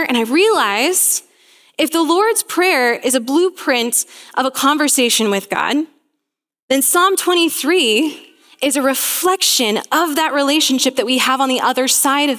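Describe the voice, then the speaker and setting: A woman's voice: sits high, fairly bright tone, in a large hall. A young woman preaching a sermon, telling a story in an earnest, storytelling way.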